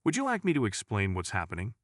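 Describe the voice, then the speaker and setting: A man voicing a calm, confident teenage boy on trial, with a steady, even delivery. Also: on the low side, fast talker, no room sound, studio quality.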